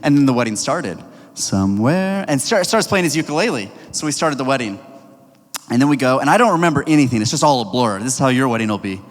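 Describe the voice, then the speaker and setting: A man's voice: medium pitch, fast talker. Upbeat young man preaching in reverberant hall. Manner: energetic, leads the crowd in call-and-response. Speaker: youth pastor. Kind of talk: storytelling youth sermon.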